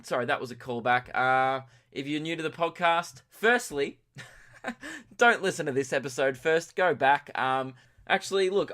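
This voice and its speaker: A man's voice: medium pitch, a bit bright. A young man hosting a solo comedy podcast, tired from lack of sleep, rambling through self-deprecating tangents. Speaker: podcast host.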